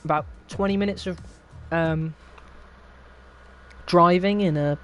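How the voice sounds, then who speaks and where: A man's voice: on the high side, fairly even intonation, takes it slowly, fairly bright tone, faint music behind. A young man hosting a racing league stream, chatting casually in a wry, rambling way and laughing often. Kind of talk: casual live-stream chat.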